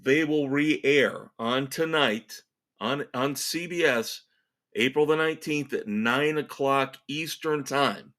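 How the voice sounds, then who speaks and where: Speaking slowly at a medium pitch with a slightly bright tone, this music podcast host delivers an opinionated solo rant. He sounds sarcastic and exasperated, pressing his points emphatically.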